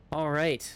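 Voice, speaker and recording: A man's voice: on the high side, fairly bright tone, smooth. A man narrating as game master of a streamed tabletop game, in a laid-back descriptive way.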